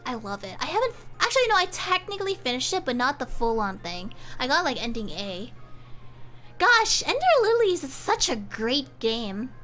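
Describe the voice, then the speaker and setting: Bubbly high-voiced woman streamer. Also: soft background music. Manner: animated, rambling, quick to laugh. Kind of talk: casual chat.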